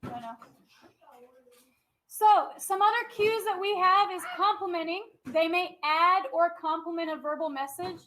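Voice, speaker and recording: A woman's voice: extremely high pitch, fairly even intonation, a little slow, fairly bright tone, low-quality recording. A young woman teaching a class, chatty, often checking in with her students. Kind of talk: classroom lecture.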